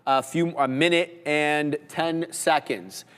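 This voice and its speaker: A man hosting a live trading stream, calling out prices and levels in quick market commentary. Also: a little high, steady tone, fairly bright tone, smooth, in a large hall. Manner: rapid price calls, banter with co-host. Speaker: trading livestream host.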